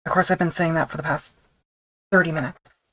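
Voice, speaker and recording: Low-voiced woman muttering while she crafts. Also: steady tone, fairly quick, a bit bright, no echo, poor audio. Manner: wry, mutters to herself as she works. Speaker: leatherworker streaming her craft. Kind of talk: casual running commentary while working.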